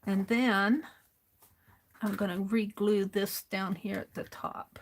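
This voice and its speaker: Slow-talking woman chatting to herself while crafting. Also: medium pitch, flat delivery. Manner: talks to herself, rambling and self-amused. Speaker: art journaling streamer.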